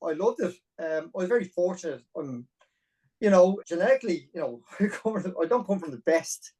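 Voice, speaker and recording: A man in his forties from Dublin with an Irish accent, a podcast guest telling his story in a lively, self-deprecating way with many restarts. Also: high-pitched, fairly quick, breathy edge, far from the mic, rough recording. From Ireland. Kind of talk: conversational storytelling.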